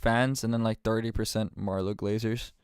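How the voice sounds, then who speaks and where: Young male streamer, relaxed, casual, talks to his chat. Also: fairly low pitch, moderate pace. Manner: laid-back, addresses chat, swears casually. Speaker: live streamer.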